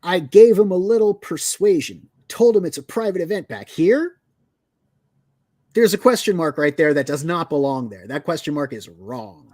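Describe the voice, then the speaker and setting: A man co-hosting a casual comic review chat, animated and picky about details. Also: on the high side, moderate pace, no room sound. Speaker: podcast co-host.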